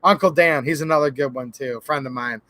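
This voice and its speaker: A man's voice: medium pitch, fast talker, pushed and bright, dry recording. A man hosting a casual livestream, rambling and joking as he chats with viewers and reads out their names. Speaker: gun channel livestream host.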